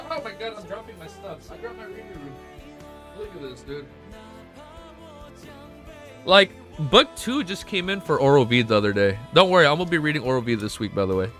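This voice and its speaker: A young man streaming to his chat, excitable and emotional, swearing often and reading chat messages aloud. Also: fairly high pitch, normal speed, pauses often, over music. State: emotional, close to tears. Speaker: streamer reacting to a web novel. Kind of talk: casual live-stream chat.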